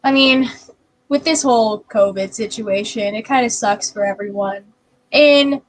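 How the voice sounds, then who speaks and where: A woman co-hosting a casual livestream chat over a video call, telling stories in an animated way and acting out what people said. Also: a little high, a little slow, slight background noise. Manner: animated storyteller, acts out quotes. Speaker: livestream co-host.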